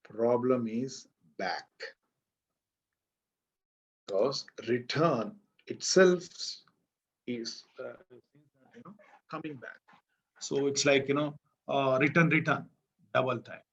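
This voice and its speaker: A man's voice: mid-range voice, slow, pauses often, breathy edge, dull audio. A man with an Indian English accent teaching an English grammar class, asking the class questions and repeating his points. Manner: explains with repetition and questions to the class. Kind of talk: classroom lecture.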